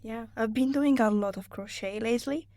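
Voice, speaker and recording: A woman's voice: fairly high pitch, moderate pace, mellow, dry recording. A woman with an Italian accent and a sore throat, co-hosting a podcast in a giggly, playful, easily distracted way. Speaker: podcast co-host. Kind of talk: casual podcast chat with bloopers.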